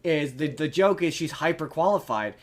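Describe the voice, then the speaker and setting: A man hosting a podcast, chatting casually about a movie in a rambling, animated way with lots of restarts and swearing. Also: a little high, normal speed. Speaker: podcast host. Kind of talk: casual movie review chat.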